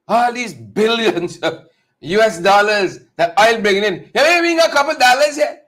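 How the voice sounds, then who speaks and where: A man hosting a live political talk show, talking straight to viewers in a mocking, animated way. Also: sits high, normal speed. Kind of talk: casual live-stream commentary.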